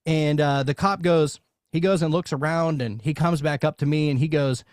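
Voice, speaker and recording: A man from Louisiana tells a story with a slightly high voice, heavy on fillers, restarts and casual swearing. His voice is close and dry, with almost no room sound. He keeps the telling lively and loose, like a chat between friends. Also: moderate pace, no echo. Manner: animated, swears freely, many fillers. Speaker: podcast guest.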